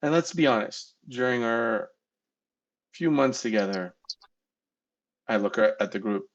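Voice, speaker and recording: A man's voice: mid-range voice, expressive, measured pace, dull audio, background noise. A man, a player in a tabletop game, talking in a wry, chatty way in character.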